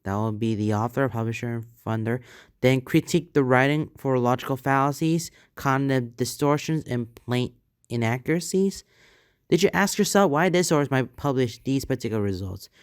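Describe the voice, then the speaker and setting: A man with a smooth, resonant voice reads online posts aloud in an earnest tone, then breaks into loose, rambling reactions. His voice sits at a middle pitch, and the sound is close and dry. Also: normal speed, dry recording. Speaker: channel host reading and reacting to online posts. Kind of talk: reading posts aloud with casual commentary.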